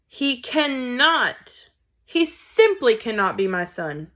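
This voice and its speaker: A woman voicing a pompous father mouse who blusters and shouts in despair over his son. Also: medium pitch, a little slow, close to an everyday voice. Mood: grave.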